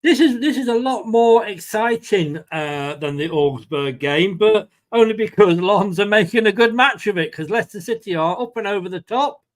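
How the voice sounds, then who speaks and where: A man's voice: sits high, lively intonation, moderate pace, hardly any pauses. English man calling a match for fans. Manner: casual play-by-play, chatting with viewers. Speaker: fan channel host. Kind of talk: live football watchalong commentary.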